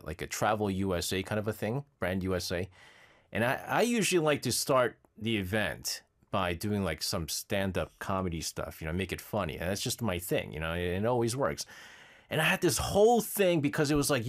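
Lively chatty male radio host. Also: medium pitch. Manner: chatty, laughs often, many fillers and restarts. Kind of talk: casual live radio chat reading listener messages. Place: radio studio.

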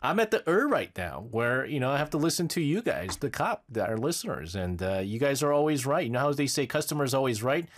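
A man's voice: mid-range voice, sing-song, fairly quick, few pauses, slight background noise. A male radio host chatting casually on air, rambling, breaking off mid-thought and laughing often, in a radio studio.

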